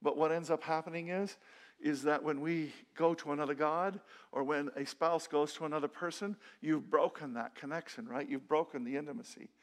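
An earnest pastor with a fairly high voice preaches a sermon in a church sanctuary, his intonation fairly even and his speed normal. He talks conversationally and restarts his sentences often.

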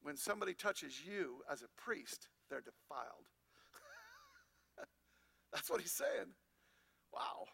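A man's voice: fairly high pitch, big pitch swings, takes it slowly, creaky, pauses often, pushed and bright, husky. A man pastor preaching a sermon, asking the congregation rhetorical questions and reading scripture aloud.

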